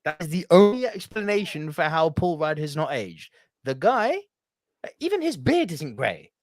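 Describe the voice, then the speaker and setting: Man, playful and profane, podcast co-host, very expressive pitch, dry close sound. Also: normal speed, no room sound. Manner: joking, swears freely, exaggerated and playful. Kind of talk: casual movie chat.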